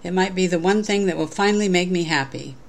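A woman's voice: on the low side, quick pace, lightly acted. A woman voicing a greedy, sulking king while reading a storybook tale aloud. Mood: demanding. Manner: lightly acted storybook reading.

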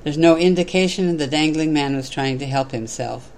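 Reflective parable narrator, mid-range pitch, steady measured delivery. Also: a little hiss or hum, poor audio. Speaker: storyteller. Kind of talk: reading a moral parable.

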